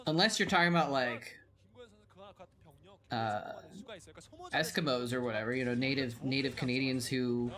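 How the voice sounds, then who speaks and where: Hosting a watch party of classic pro games, this man chats with viewers in a loose, rambling way, reading their messages aloud between casual commentary. His mid-range voice has a sharp tone, a moderate pace, and long pauses.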